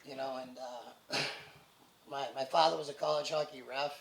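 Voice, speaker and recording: A man telling his own recovery story to an audience, halting and self-deprecating, a little short of breath. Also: medium pitch, fairly even intonation, gravelly, noisy background. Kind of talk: personal story told to an audience. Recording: echoey hall.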